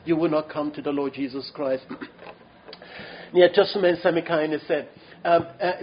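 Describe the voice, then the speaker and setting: A man's voice: a little high, fairly even intonation, unhurried, long pauses. A man preaching a sermon in an earnest, pleading way, with frequent restarts and fillers. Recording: muffled lo-fi sermon recording.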